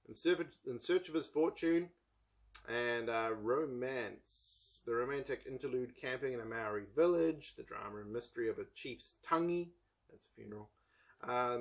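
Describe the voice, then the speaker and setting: A man from New Zealand with a New Zealand accent, hosting a casual book chat in a rambling, wry way, full of ums and asides. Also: mid-range voice. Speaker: book channel host.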